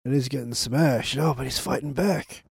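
A man's voice: medium pitch, normal speed, gravelly, breathy edge, no room sound. A man co-hosting a podcast in casual chat, telling stories animatedly and acting out quotes with laughs. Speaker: podcast co-host.

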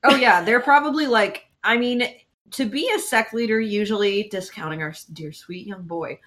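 A woman co-hosting a podcast in casual chat, talking in a profane, animated way and laughing often. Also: medium pitch, moderate pace. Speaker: podcast co-host.

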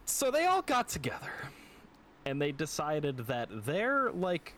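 A man's voice: fairly high pitch, wildly swooping pitch, unhurried, a bit bright, a little hiss or hum. Profane, loose male podcast co-host. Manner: loose and profane, full of fillers. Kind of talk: casual chat.

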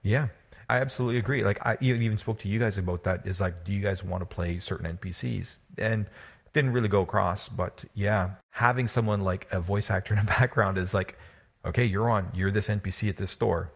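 A man's voice: lowish voice, fairly quick, gravelly, slightly rough. A man who runs tabletop games, talking in a rambling, casual way, with frequent restarts and laughs as he talks. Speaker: podcast co-host and game master. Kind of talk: casual chat.

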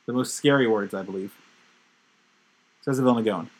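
Husky-voiced man teaching a Torah class. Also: fairly low pitch, moderate pace, poor audio. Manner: emphatic, building intensity. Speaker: religious teacher.

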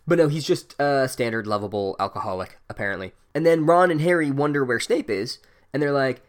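A young man recaps a book chapter with dry, sarcastic humor. He mocks the plot in a deadpan way and swears freely. His voice sits in an ordinary middle range. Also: mid-range voice, fast talker.

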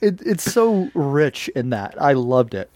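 A man co-hosting a casual podcast, animated and laughing often as he acts out scenes. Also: medium pitch, slow, dry recording. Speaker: podcast co-host. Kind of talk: casual chat.

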